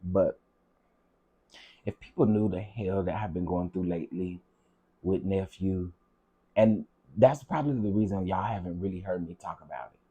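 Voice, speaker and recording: Low mellow guy on a livestream, talkin to chat, repeats stuff, gets kinda teary. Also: moderate pace, long pauses, breathy edge, lo-fi sound. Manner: chatty, greets viewers by name, repeats himself; heartfelt, on the edge of tears at times. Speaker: livestream host reading viewer comments.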